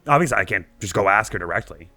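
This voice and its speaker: A man's voice: lowish voice, expressive, fast talker, pushed and bright. Man doing a vain, bashful village loafer. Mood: sheepish. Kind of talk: reading game character dialogue aloud.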